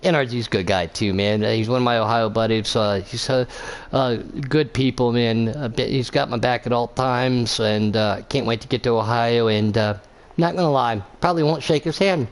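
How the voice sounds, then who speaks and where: A male race commentator calling a sim racing event live. His voice sits at an ordinary middle pitch, and he wanders from the action into jokes and side stories. He leans on lots of "uh"s as he goes. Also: normal speed, clear, resonant tone. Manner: rambling, jokey, lots of fillers.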